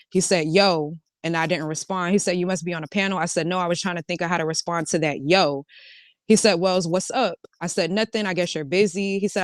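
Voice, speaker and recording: A woman casually recounting a conversation, reading text messages aloud in a relaxed "he said, I said" way. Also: on the low side, no room sound, studio quality.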